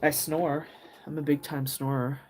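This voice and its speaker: A woman's voice: low-pitched, little pitch movement, a little slow, darkish tone. A middle-aged woman hosting a craft livestream, chatting casually with viewers, laughing often and telling loose stories full of fillers. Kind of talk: casual chat with live viewers. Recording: faint music behind.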